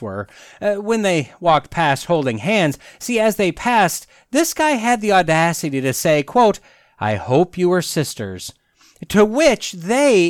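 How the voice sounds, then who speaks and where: A man hosts a podcast in a clear, smooth voice, full of deadpan irony and mock outrage. His pitch swings widely as he plays up the sarcasm. The sound is dry and close, with no room around it. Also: no echo. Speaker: podcast host. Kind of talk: sarcastic satirical commentary.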